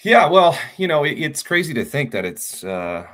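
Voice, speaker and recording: A man, a brewery co-owner, talking in a relaxed, friendly way as a guest. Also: fairly high pitch, moderate pace. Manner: relaxed, friendly, many fillers. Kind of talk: casual interview chat.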